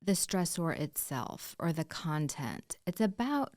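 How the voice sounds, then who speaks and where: Calm low-voiced woman podcast co-host. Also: unhurried. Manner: calm, explanatory and reassuring. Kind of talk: casual podcast conversation.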